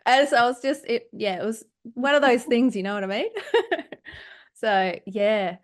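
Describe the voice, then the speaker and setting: A woman's voice: a little high, moderate pace. An Australian woman hosting a podcast, chatting casually in a bubbly, effusive way and laughing often. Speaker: podcast host. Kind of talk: casual chat.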